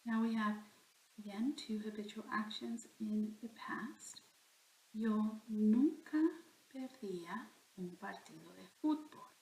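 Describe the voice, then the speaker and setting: A woman's voice: medium pitch, measured pace, vocal fry, echoey room, poor audio. A woman teaching a recorded grammar lesson, explaining patiently step by step. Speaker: Spanish teacher.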